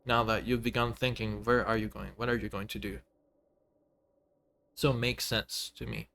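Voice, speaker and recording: A man's voice: fairly low pitch, little pitch movement, normal speed, creaky, a bit bright, slight background noise. A man streaming a game, reading its dialogue aloud and musing over it with filler words.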